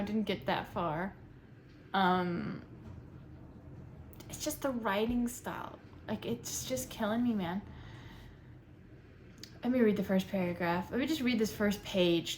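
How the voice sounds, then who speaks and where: Young woman ranting casually about a book she dropped, animated and nitpicky, mid-pitched voice. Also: a little hiss or hum. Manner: chatty, animated and nitpicky critique. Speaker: book reviewer. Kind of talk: casual chat.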